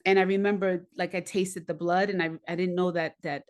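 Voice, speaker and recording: A middle-aged woman who grew up in the United States, telling personal stories in a candid, animated way and acting out the voices of people she quotes. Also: fairly low pitch, fairly quick, highs cut off. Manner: animated, acts out voices and laughs often. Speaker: podcast guest, singer.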